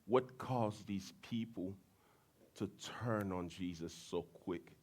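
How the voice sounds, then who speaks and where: A man's voice: sits low, slow pace. A man preaching a sermon as pastor, switching into Creole and acting out crowd voices. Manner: animated, switches between English and Creole, acts out crowd voices. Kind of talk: bilingual sermon.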